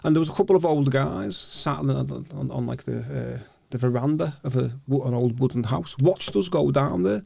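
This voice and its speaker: Gravelly man telling a hard story. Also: medium pitch, dark tone. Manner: halting, repeats words, then earnest and vivid. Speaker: guest, author. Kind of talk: casual storytelling interview. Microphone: podcast microphone.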